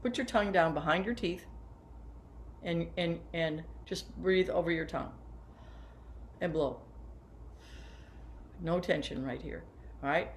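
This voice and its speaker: A woman in her seventies, a band teacher, sits and talks teachers through posture and breathing exercises step by step in a workshop lesson. Her voice is low and a little slow with frequent pauses and slight background noise, and her manner is warm and hands-on.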